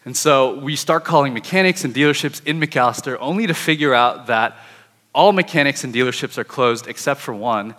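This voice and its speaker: A young man in his twenties telling a personal testimony as a sermon, animated and acting out his own thoughts. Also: mid-range voice, fairly quick, in a large hall. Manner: lively, animated, acts out his inner thoughts. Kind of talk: sermon-style storytelling.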